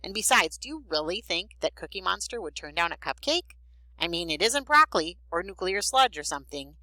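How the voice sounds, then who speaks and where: A woman's voice: on the low side, fairly quick, no room sound, heavily acted. Woman playing a goofy hyper schoolboy. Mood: mock serious. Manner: silly, animated, argumentative.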